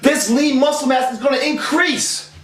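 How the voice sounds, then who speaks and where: A man's voice: very high-pitched, steady tone, moderate pace. A man giving an intense, profane, emphatic fitness motivational talk. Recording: echoey room.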